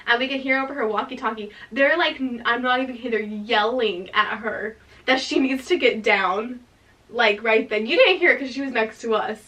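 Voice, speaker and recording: A woman's voice: a little high, moderate pace, sharp tone. A young woman hosting a storytime vlog, telling it animatedly with constant fillers and laughter. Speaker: vlog host. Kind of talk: storytime chat. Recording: voice a bit distant from mic.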